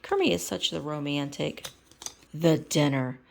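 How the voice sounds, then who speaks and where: A woman's voice: deep voice, a little slow, vocal fry. A woman vlogger reading a storybook aloud, with chatty asides between passages.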